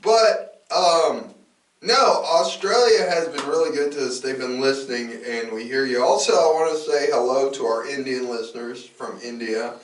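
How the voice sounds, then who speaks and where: A man's voice: medium pitch, moderate pace, far from the mic, a little hiss or hum. Male podcast host, casual and rambling, heard a bit off-mic in a roomy space. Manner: loose and rambling, frequent fillers and restarts.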